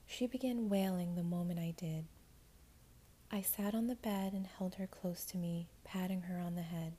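A woman narrating a story in a hushed, whispered, measured way. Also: fairly low pitch, fairly even intonation, breathy edge.

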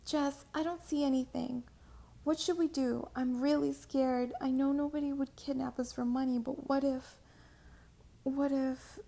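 Woman playing a frightened young woman, pleading, raised pitch, soft dark tone. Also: fairly even intonation, unhurried. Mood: scared. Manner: anxious, breathless, pleading. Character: frightened young woman, the narrator's best friend.

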